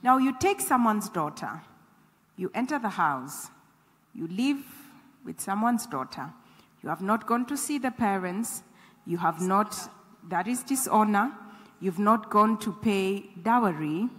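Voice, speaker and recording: A woman's voice: medium pitch, lively intonation, unhurried, breathy edge. A woman preaching, earnest and exhorting, repeating phrases for emphasis. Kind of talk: church teaching on scripture. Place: church hall. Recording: echoey hall.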